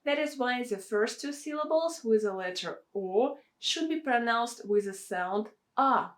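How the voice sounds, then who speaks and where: Slow-speaking Russian-accented woman teacher. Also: fairly high pitch, animated. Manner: slow, deliberate, repeats words for drill. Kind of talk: pronunciation lesson.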